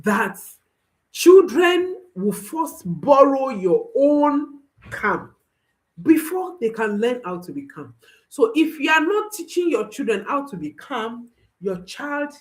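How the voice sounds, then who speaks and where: This parenting coach has a fairly high, sing-song voice and speaks slowly, heard through poor audio. Her instructional talk repeats key phrases for emphasis, and she reassures her listeners directly.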